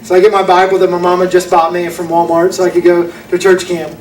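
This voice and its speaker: Speaking fast in a high, monotone voice, a young preacher shares a story with folksy sincerity. The sermon was captured from afar in a reverberant church auditorium, and a little background noise comes through.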